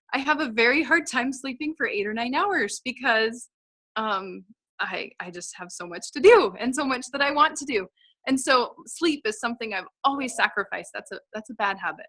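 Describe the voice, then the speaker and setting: Woman in her 30s sharing her story, earnest and heartfelt, bright voice, a bit high. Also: no echo. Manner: heartfelt, earnest, with frequent restarts. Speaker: speaker sharing a personal story. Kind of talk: personal testimony talk.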